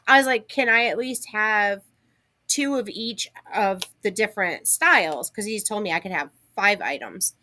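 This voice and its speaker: A woman co-hosting a casual livestream, telling stories in a chatty, animated way. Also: medium pitch, moderate pace. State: has the hiccups. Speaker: livestream co-host.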